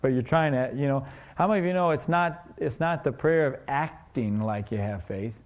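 A man's voice: medium pitch, normal speed, dull audio. A man preaching a sermon, telling a story and asking the congregation questions in a conversational way.

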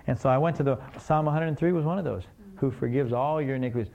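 A man's voice: mid-range voice, a little fast, mellow, muffled recording. A man preaching a sermon, telling a story and asking the congregation questions in a conversational way.

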